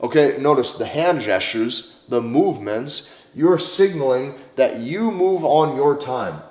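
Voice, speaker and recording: A man giving dating advice in a direct, emphatic monologue, sometimes slowing down and stretching words for emphasis. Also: mid-range voice, expressive, a little mellow. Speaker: dating coach. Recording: roomy echo.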